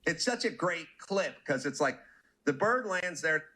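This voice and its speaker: A man hosting a podcast, telling an anecdote in an animated, casual way and acting out the voices in it. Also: a little high, unhurried. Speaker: podcast host. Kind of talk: casual chat with storytelling.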